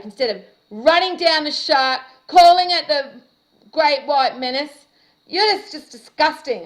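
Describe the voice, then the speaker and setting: A woman's voice: fairly high pitch, rough recording. An Australian woman delivering a profane, confrontational monologue to camera in an angry rant. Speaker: video commentator.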